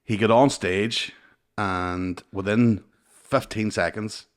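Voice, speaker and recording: Male comic host, low voice, loose sweary storyteller. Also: slow pace. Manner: swears freely, animated anecdotes. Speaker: comedian podcast host. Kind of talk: casual storytelling chat.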